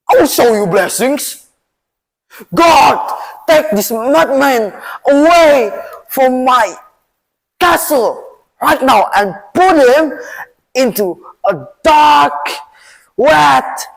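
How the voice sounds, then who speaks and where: A man's voice: animated, drawn-out words, vocal fry, long pauses, raised voice, full character voice, low-quality recording. A boy doing a shrieking, panicky king. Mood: outraged. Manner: shrieking, high-pitched outbursts. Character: furious, whiny, panicking king.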